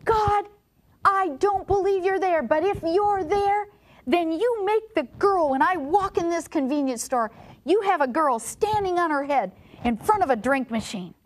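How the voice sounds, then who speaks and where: A woman voicing a despairing, angry man who shouts and pleads in a raised, high voice. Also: lively intonation, measured pace.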